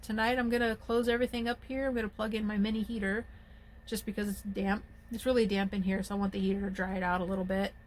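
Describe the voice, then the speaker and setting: A woman's voice: mid-range voice, flat delivery, quick pace, a little hiss or hum. A young woman vlogging in a casual, rambling way, anxious and restarting her sentences often. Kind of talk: casual vlog monologue. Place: at home, indoors and by the car outside.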